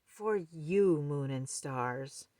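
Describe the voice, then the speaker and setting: A grand, theatrical stage magician rabbit from a picture book, as a woman reading aloud puts him on. He announces and crows his lines loudly, with a lively, sweeping lilt. Close and dry. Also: sits low, drawn-out words, no echo, heavily acted. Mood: showy.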